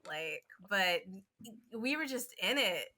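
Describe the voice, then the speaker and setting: Bright-voiced woman chatting, quick to laugh. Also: medium pitch. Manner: expressive, laughs often, swears casually. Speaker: podcast co-host. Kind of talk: casual podcast chat.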